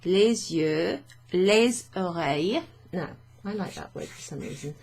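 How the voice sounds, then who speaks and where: A woman's voice: lowish voice, lively intonation, measured pace, gravelly, darkish tone, husky. A woman teaching French vocabulary to learners, chatty and thinking aloud with fillers and frequent little laughs.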